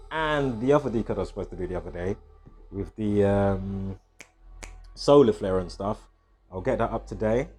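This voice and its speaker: Speaking at normal speed in a low, dark-toned voice, a man wanders through a casual, profanity-laced video monologue, frequently correcting himself along the way. There's faint background music under his talk.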